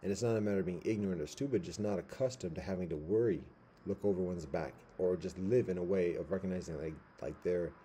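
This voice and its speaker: Low, dark-voiced man rambling. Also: fast, slight background noise. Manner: rambling, street slang, many fillers and restarts. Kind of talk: casual monologue. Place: at home by a window.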